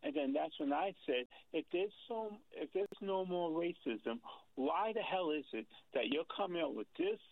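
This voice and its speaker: A man calling in to a talk show. His fairly high voice is gravelly, and he argues with heat, circling back over his own words as he presses his point. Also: expressive, normal speed, no echo, phone-quality sound. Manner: heated, repeats himself while building a point. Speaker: caller. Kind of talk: call-in radio talk.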